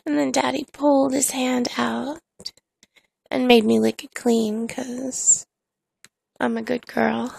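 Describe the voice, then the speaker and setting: A woman telling an intimate erotic story in a hushed, slow way, with soft sighs between phrases. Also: fairly high pitch, creaky, breathy edge, no echo.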